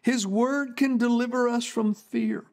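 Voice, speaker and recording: A man's voice: very high voice, steady tone, unhurried. A male pastor preaching a storytelling sermon, repeating phrases for emphasis.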